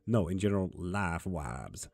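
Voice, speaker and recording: A man's voice: sits low, animated, unhurried, a little mellow, no room sound. A man reading viewer comments aloud and answering them in a casual livestream, swearing now and then. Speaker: tarot reader streaming live.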